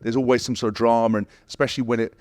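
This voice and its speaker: Male podcast co-host, former player, rapid and animated storyteller, dry studio sound. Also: mid-range voice, dry recording. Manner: animated, swears freely, laughs mid-story, acts out quotes. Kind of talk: casual storytelling chat.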